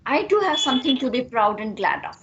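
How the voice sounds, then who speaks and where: A woman's voice: on the high side, big pitch swings, fairly quick, a bit bright, lo-fi sound. A woman with an Indian English accent reading the part of a playful, proud young wife in a teasing tone.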